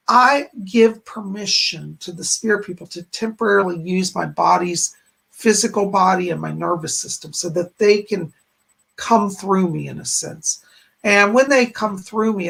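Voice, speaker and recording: A man hosts a casual live stream, chatting and rambling as he greets viewers by name. His voice has a gravelly, creaky edge with a husky, slightly breathy grain. He talks loosely and warmly to the people watching. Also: sits high. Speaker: psychic medium hosting a live stream.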